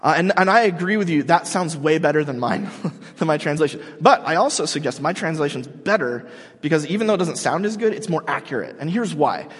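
A man's voice: fairly high pitch, animated, fairly quick, husky. A man preaching a sermon in a casual, joking, storytelling way, as the pastor of the congregation. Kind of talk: conversational sermon. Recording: long hall reverb.

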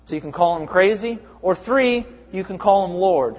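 Young male preacher, husky, slightly high voice, emphatic, lo-fi hall recording. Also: fast talker, few pauses. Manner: rising to emphatic, lengthy repeated lists. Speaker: pastor. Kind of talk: sermon. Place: church hall. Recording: echoey hall, dull lo-fi sound.

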